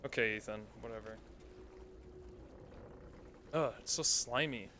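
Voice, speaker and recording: A man's voice: mid-range voice, measured pace, sharp tone, slight background noise. Profane, sarcastic male game streamer. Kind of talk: casual gameplay commentary.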